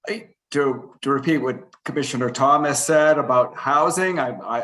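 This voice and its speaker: A man commissioner gives his view at a public meeting at a middling pitch. He stammers and restarts often and speaks with hesitation. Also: fairly bright tone. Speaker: planning commissioner.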